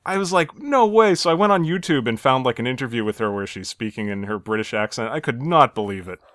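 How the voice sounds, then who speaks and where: A man's voice: medium pitch, animated, fast, a bit bright, no room sound, studio quality. An American man hosting a podcast in casual chat, easygoing, often chuckling and hedging with "I think". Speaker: podcast host.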